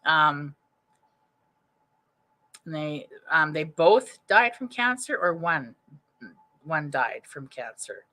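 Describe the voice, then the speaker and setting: A woman giving a psychic reading over a live stream. Her voice sits a little low but comes across bright and forceful. She rambles and restarts as she thinks aloud, chatty and informal. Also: sing-song, takes it slowly, pauses often. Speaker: psychic medium. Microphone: webcam or computer mic.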